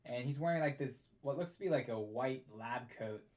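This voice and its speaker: Dude running a tabletop game, mid pitch, loose and chatty. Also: male voice, fairly quick, a little mellow. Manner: casual, rambling with fillers. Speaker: dungeon master.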